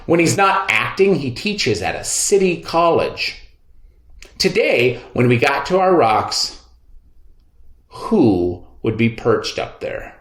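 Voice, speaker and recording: Man reading aloud, expressive, very lively pitch, roomy echo. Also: slow. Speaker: reader. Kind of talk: reading a children's book aloud.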